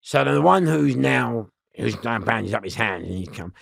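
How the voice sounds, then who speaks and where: A loud man tells rambling stories in an interview. His voice is heavily gravelly, and his pitch swings widely. The sound is close and dry. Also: lively intonation, moderate pace, no room sound. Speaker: interview guest. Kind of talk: storytelling in a podcast interview.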